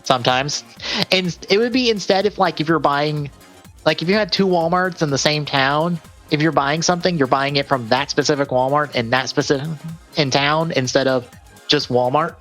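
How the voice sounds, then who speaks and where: A man with a slightly high, fairly bright voice co-hosts a gaming podcast at a moderate pace over soft background music. He chats casually while reading out lists of game releases, rambling, correcting himself and laughing often.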